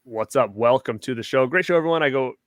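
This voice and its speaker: A man's voice: mid-range voice, quick pace, dry recording, clean studio sound. A man hosting a live stream, reading viewer comments and greeting people by name. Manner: reads viewer comments, shouts out names. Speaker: host.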